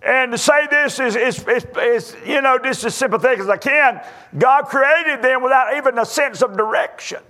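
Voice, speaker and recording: A man preaching with a notably high voice, spinning homespun jokes and stories before turning to scripture. His delivery is folksy and down to earth, the easy manner of a pulpit storyteller. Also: moderate pace, sharp tone. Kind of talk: sermon.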